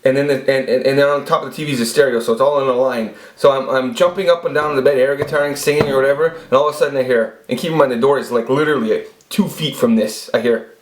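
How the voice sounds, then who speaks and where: A man's voice: mid-range voice, steady tone, fast, hardly any pauses, noisy background. A man telling a rambling, profane personal story with lots of restarts, as a channel host. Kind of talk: casual storytelling monologue. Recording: echoey room.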